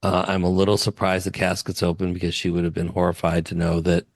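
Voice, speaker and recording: A man's voice: deep voice, completely flat delivery, fast talker, no echo. A man who works as a wealth advisor, chatting in an interview and telling stories with easy laughs. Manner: chatty storyteller, laughs easily. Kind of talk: casual interview chat.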